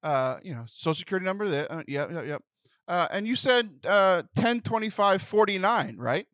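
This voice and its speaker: A man in his thirties hosting a podcast, telling a comic story with animated, laughing delivery and exasperated outbursts. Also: sits high, moderate pace, no echo, clean studio sound. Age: 30s. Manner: animated, laughing, acts out phone voices in exasperated bursts. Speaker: podcast host. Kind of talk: comedic storytelling chat.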